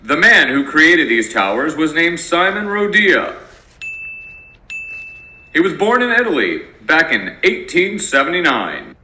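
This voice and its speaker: A man teaching in a playful storytelling manner, his pitch rising and falling a lot. His voice is very bright and sharp, and it echoes around a room. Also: sing-song, measured pace, a little hiss or hum. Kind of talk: educational narration.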